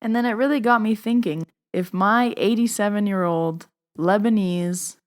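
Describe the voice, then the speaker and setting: Woman host, casual chatty storyteller, animated delivery. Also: mid-range voice, moderate pace. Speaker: podcast host.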